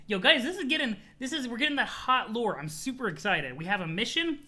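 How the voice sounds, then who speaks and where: A streamer reading a webcomic aloud live, chatty and excitable, reacting to chat. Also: medium pitch, fast, hardly any pauses.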